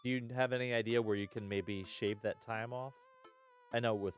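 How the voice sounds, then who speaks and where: A man hosting a live stream, talking in a loose, easygoing ramble full of "uh" and "hell yeah." His voice sits on the low side. Soft game music plays quietly behind him. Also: steady tone, moderate pace. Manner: laid-back, rambling, lots of "uh" and "hell yeah". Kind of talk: casual live-stream chat.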